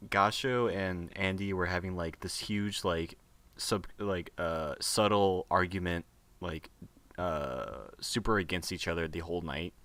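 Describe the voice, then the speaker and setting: A man's voice: deep voice, a little slow, a bit bright, no echo. A man in his early twenties co-hosting a podcast, rambling in casual chat with many hesitations and fillers. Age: early 20s. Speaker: podcast co-host.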